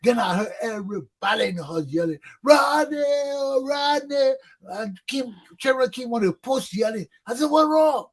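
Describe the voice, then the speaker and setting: Brief: middle-aged man, husky and a little high, chatty storyteller who acts out shouts. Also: fairly quick, few pauses. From Liberia. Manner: animated, acts out shouted quotes. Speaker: talk show host. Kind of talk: casual storytelling.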